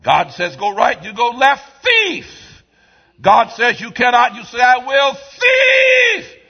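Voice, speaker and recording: A male pastor preaches a sermon, his high, husky voice swinging widely in pitch. He moves from quiet asides to shouted lines in a call-and-response style. The church recording sounds dull and muffled. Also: animated, normal speed. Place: church sanctuary.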